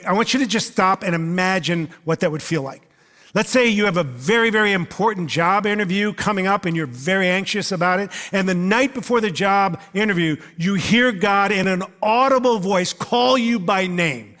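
A man preaching a sermon to his congregation in a relaxed, conversational way, with frequent "uh" fillers and asides to the listeners. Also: high-pitched, normal speed. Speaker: pastor. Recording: long reverb of a large hall.

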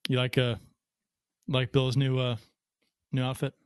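A man hosting a casual hockey podcast, breaking down plays in a halting way with many fillers. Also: mid-range voice, completely flat delivery, clean tone, no room sound, studio quality. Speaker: podcast host.

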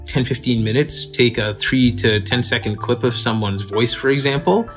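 A man's voice: mid-range voice, moderate pace, faint music behind. Man, interview guest, tech expert, conversational, mid-range voice. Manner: conversational, explains with fillers. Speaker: tech company executive guest. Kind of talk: interview answers.

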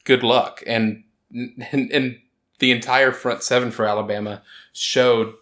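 Male podcast host, mid-pitch, rambling and animated, casual sports chat. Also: measured pace. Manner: rambling, animated, self-interrupting.

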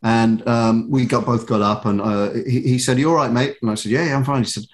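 A man spins self-deprecating stories as a guest on a chat show. His voice sits in a middle register, and he talks in an animated way, tripping over his words and restarting often. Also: medium pitch, brisk. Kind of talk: anecdotal storytelling.

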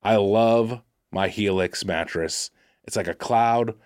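A man's voice: fairly low pitch, slow, a little mellow, clear, resonant tone, no echo, studio quality. A man co-hosting a podcast, talking in a rambling, filler-heavy, self-deprecating way. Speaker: co-host. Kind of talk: casual podcast chat and host-read ad.

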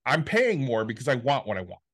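A man's voice: mid-range voice, very animated, brisk, a bit bright. A man with a Michigan accent, co-hosting a podcast in casual chat, blunt and frustrated, with heavy swearing. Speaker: podcast co-host.

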